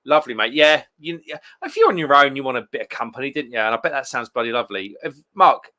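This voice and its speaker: A man's voice: medium pitch, sing-song, fast talker, pushed and bright. A man hosting a beer live stream, chatting casually and rambling through viewer comments with plenty of restarts. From England.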